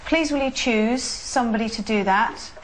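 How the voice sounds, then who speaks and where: A woman hosting a live ghost hunt, leading a séance in an excitable manner that often drops to a whisper. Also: on the high side, normal speed, slight background noise. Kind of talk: live paranormal investigation.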